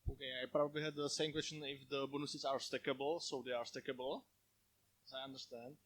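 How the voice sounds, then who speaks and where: A man asking follow-up questions at a conference in halting non-native English. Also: mid-range voice, flat delivery, fairly bright tone. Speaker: community contributor asking a question. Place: conference hall.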